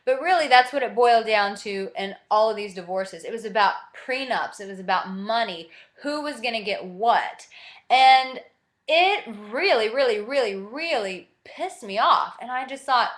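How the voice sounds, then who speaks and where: A woman's voice: on the high side, lively intonation, moderate pace, fairly bright tone. A young woman talks straight to her listeners in a candid personal monologue. She speaks emphatically and often repeats a phrase to drive her point home. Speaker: host.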